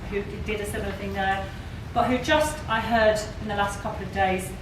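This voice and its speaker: A woman's voice: medium pitch, fairly even intonation, brisk. A woman giving an earnest speech at a public meeting, building long lists with some restarts. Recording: echoey hall, far from mic, noisy.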